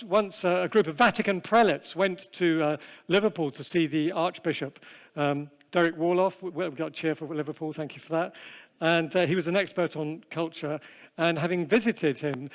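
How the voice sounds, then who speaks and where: A man's voice: a little high, big-room sound. A man giving a humorous, self-deprecating seminar talk, telling stories with frequent restarts and fillers. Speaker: seminar speaker. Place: large hall with long reverb.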